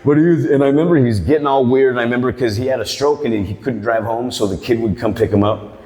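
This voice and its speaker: A man's voice: mid-range voice, quick pace, a little mellow. A man telling a stand-up story in a barbershop, rambling and profane. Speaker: stand-up comedian. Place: barbershop comedy show. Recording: long reverb of a live room.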